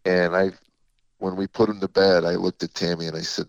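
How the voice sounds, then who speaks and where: An older man, a comedian guest, telling stories in a reflective, halting way with many fillers, on a dull lo-fi recording. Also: low-pitched, little pitch movement, creaky, dry recording. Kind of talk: casual interview storytelling.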